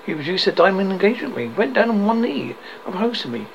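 A woman's voice: medium pitch, sing-song, quick pace, vocal fry, lo-fi sound, slight background noise. A man reading the lines of a tearful, anxious young woman who blames herself, in a sobbing tone, in a storybook reading. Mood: upset.

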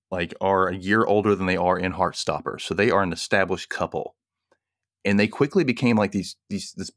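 A man co-hosting a casual podcast chat, animated and laughing often as he acts out quotes. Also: sits low, no room sound, clean studio sound. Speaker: podcast co-host.

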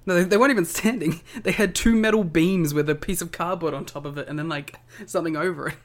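A man co-hosting a podcast, chatting casually about wrestling, jokey and quick to laugh. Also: a little high. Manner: laughs a lot, jokey, rambling restarts. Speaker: podcast co-host. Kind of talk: casual chat reviewing wrestling.

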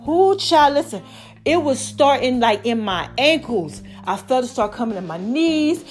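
Breathless chatty woman podcaster, high voice. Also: moderate pace, faint music behind. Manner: animated, calls listeners baby and y'all. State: short of breath. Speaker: podcast host. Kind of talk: casual chatty monologue.

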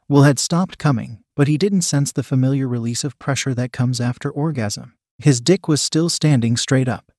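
A man reading a story aloud as a narrator, in an even, unhurried storytelling manner. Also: medium pitch, no room sound, clean studio sound. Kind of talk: scripted audiobook narration.

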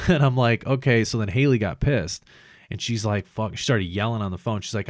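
Profane, animated storyteller man, low voice. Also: moderate pace, dry recording, clean studio sound. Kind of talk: casual storytelling chat.

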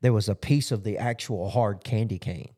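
A man's voice: lowish voice, moderate pace, dark tone. A man, a pastor, talking casually about his sermon in a loose, rambling way full of fillers. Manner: rambling, with frequent "you know" fillers. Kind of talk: casual podcast recap of a sermon.

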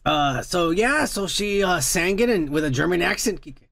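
A man's voice: high-pitched, expressive, normal speed, vocal fry, a bit bright. A man hosting a podcast with crude, casual banter, swearing freely, teasing his co-host and laughing often. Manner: profane, teasing, laughs a lot.

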